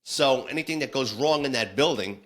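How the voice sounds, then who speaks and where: Bright-voiced New ex-cop storyteller. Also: male voice, medium pitch, normal speed. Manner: blunt, salty, frequent restarts. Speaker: former police detective. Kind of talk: casual storytelling.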